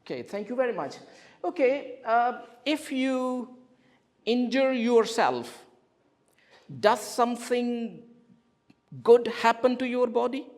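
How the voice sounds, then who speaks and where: A man teaching English vocabulary to a classroom, asking clear questions and having the students repeat words. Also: very high-pitched. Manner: slow and clear, with lively questioning and drilling.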